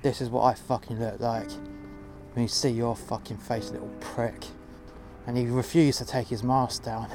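A man's voice: medium pitch, level tone, moderate pace. A man from West London with a London accent, narrating his own revenge story outdoors in a profane, menacing way, over music. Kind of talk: first-person storytelling monologue. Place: outdoors in freezing cold.

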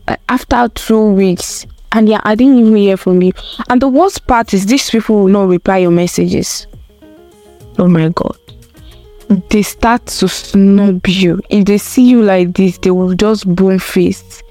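A woman's voice: medium pitch, a little slow, mellow, no room sound, faint music behind. A young woman giving a casual opinion rant to camera, emphatic and repetitive, full of rhetorical questions. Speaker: vlogger.

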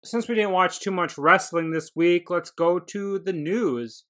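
A man's voice: high-pitched, a little slow, sharp tone. A man co-hosting a casual wrestling podcast, chatting and joking in an easygoing way. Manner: joking, laid-back commentary. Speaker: podcast co-host.

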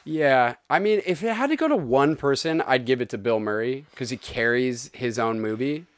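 A man's voice: medium pitch, lively intonation, moderate pace, no room sound. Eager, rambling man co-hosting a podcast. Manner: eager and rambling, often re-quoting favorite movie lines. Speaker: movie podcast co-host. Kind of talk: casual chat.

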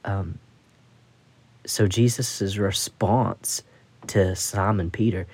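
Slow, low-voiced man teaching scripture. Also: fairly even intonation, darkish tone, husky. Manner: thoughtful, musing, with frequent restarts. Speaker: Bible study podcast host.

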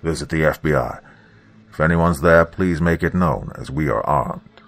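A man's voice: extremely low pitch, moderate pace, a bit bright. A man voicing a stern male federal agent who speaks in a firm, commanding way.

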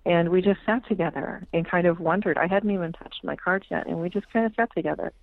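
A woman's voice: on the low side, fast talker, dry recording. Frank woman storyteller on a tinny line. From United States. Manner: frank, swears freely, acts out quoted voices. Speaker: tarot reader, guest. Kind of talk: casual storytelling interview. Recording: tinny phone-like radio line.

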